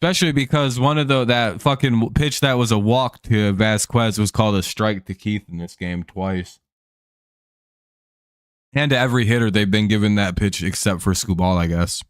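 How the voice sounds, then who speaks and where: A man hosting a live baseball watch-along, talking through the game in a chatty, joking way and swearing freely. His voice is low, smooth and resonant. It is recorded close and dry, with no room sound. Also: dry recording. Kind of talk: casual live-stream game commentary.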